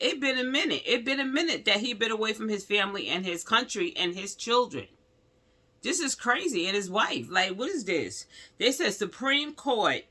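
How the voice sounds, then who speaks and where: Guy w/ ranting to his viewers, high voice, chatty. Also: pushed and bright. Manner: talkative, addresses viewers as y'all, growing heated. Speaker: vlogger. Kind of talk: casual commentary to camera.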